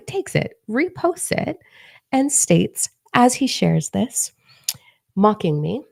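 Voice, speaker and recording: A woman's voice: mid-range voice, animated, measured pace, creaky, darkish tone, no echo. A woman in her forties, a spiritual advisor talking casually on her vlog, blunt, profane and playfully mocking.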